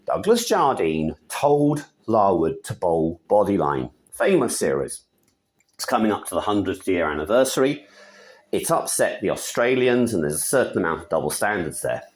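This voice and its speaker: Male British commentator, angry rant, emphatic with muttered asides, very animated delivery. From Britain. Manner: indignant, emphatic, with sudden pitch jumps and quick muttered asides. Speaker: video commentator. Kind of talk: angry opinion rant to camera.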